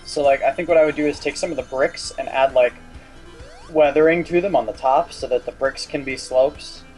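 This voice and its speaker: A man's voice: medium pitch, fairly quick, darkish tone, faint music behind. Young man chatting and laughing on a voice call. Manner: chatty, laughs easily, explains at length. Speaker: co-commentator. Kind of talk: casual gaming commentary.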